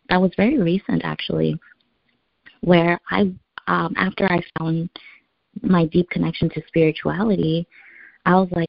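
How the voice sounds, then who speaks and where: A young woman telling a personal story as an interview guest, earnest and halting, with many fillers. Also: on the low side, vocal fry, no echo. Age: young adult. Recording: dull lo-fi sound.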